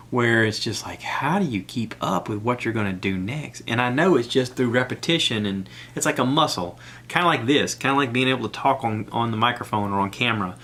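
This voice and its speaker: A man's voice: medium pitch, a bit bright. A man hosting a solo podcast, talking in a chatty, rambling way and recommending things with enthusiasm. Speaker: podcast host. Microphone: iPad recording app.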